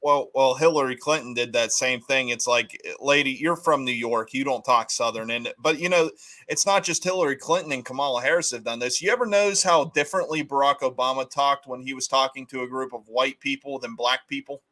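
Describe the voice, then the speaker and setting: A man's voice: mid-range voice, fairly quick, sharp tone. A man hosting a casual political livestream, talking bluntly and arguing his opinions. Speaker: livestream host.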